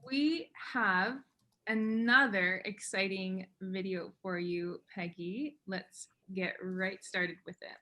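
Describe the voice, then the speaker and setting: Slow, bright-voiced woman hosting a party. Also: mid-range voice, steady tone. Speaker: event emcee.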